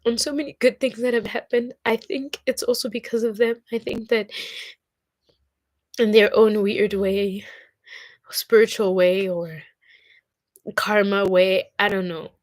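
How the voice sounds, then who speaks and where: Talking emotionally to camera, a young vlogger with a South African accent rambles with fillers and sometimes cries. She has a medium-pitched, steady voice at a measured pace, pauses often, and there's no echo.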